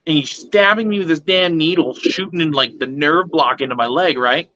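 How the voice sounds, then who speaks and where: Man, fairly high voice, rambling profane comic storyteller acting out others' lines, dry lo-fi recording. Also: normal speed, sharp tone, no echo. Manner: rambling, swearing, with many fillers; acts out the other people's lines. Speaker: storyteller at an open mic.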